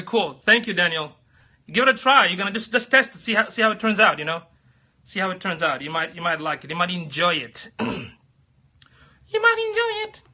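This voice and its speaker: A man's voice: on the high side, pushed and bright. A man hosting a casual livestream, chatting with viewers by name and laughing often. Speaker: livestream host.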